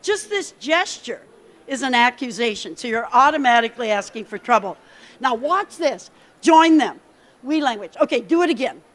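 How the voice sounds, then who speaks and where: A woman giving a lively conference workshop talk, coaching the audience directly from the stage. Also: a little high, moderate pace. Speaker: keynote speaker.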